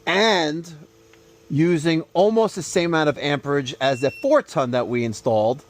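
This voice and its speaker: A man's voice: fairly high pitch, moderate pace, a little hiss or hum. A man hosting an HVAC job-site vlog, talking in a salesy, infomercial-style patter about the system he just installed. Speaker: HVAC contractor and show host. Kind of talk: casual on-the-job vlog talk.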